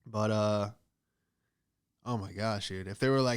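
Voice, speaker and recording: Rambling American comic, smooth voice. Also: male voice, a little fast, long pauses. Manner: rambling storyteller, acts out quotes in squeaky high voices. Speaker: podcast host. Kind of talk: casual comedic monologue.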